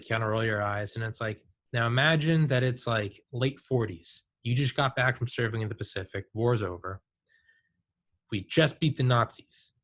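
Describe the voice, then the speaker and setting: Male host, 30s, casual storyteller, easygoing mid-range voice. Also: mid-range voice. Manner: animated storyteller, says "dude" and "like". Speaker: podcast host. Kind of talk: casual conversation.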